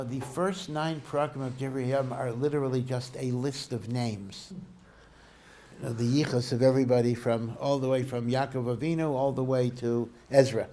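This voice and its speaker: A man's voice: medium pitch, dark tone, slight background noise. A man, a rabbi, giving a Torah lecture in a conversational, digressive storytelling way, often restarting his sentences and using Hebrew and Yiddish learning terms. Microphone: podcast recording of a lecture.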